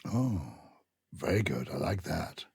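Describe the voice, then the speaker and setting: An older man co-hosting a podcast, reading out listener letters and chatting in an expressive, theatrical way, with a throat bothered by biscuit crumbs. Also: low-pitched, a little slow, creaky, husky, no room sound, clean studio sound. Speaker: podcast co-host.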